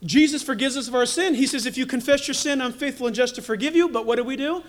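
A man's voice: very high-pitched, quick pace. A man preaching a sermon as pastor, telling stories animatedly with humorous asides.

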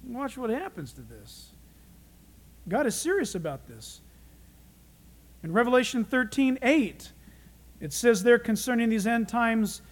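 High-voiced man preaching dramatically. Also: sing-song, unhurried. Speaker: pastor. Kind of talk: sermon.

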